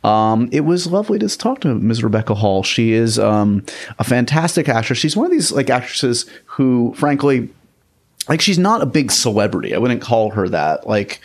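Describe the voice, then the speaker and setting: A man's voice: mid-range voice, very animated, moderate pace. A man hosting a podcast, chatting casually and rambling in a self-deprecating way. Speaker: podcast host.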